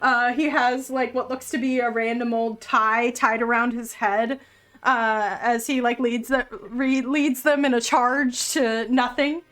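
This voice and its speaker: A woman who, as game master, narrates a tabletop game in an unhurried, descriptive storytelling way. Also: a little high, fairly even intonation, fairly bright tone.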